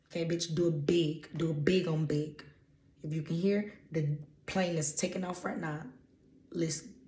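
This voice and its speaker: A woman's voice: low-pitched, a little mellow, reverberant. A woman from Louisiana, speaking with a Louisiana accent, gives blunt, preachy motivational readings to her viewers. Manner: emphatic, preachy, blunt with casual swearing. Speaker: intuitive energy reader. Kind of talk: motivational channeled-message vlog.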